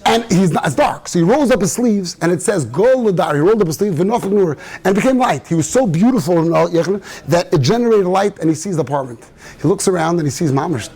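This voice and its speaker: A man's voice: high voice, expressive, quick pace, darkish tone, breathy edge. A man, a rabbi giving an informal Torah talk in a synagogue study hall, telling stories and mixing in Yiddish and Hebrew terms.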